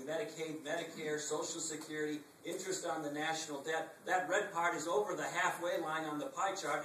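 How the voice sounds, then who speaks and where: A man's voice: fairly high pitch, a bit bright, recorded from a distance, a little hiss or hum. A middle-aged man giving a campaign stump speech in a packed meeting room, emphatic and rhetorical with wry asides. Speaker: political speaker. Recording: echoey room, recorded from afar.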